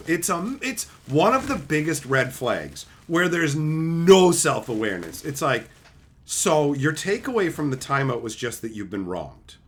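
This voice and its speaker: A man streaming live, ranting crudely and mockingly, laughing often. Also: a little high. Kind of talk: profane rant.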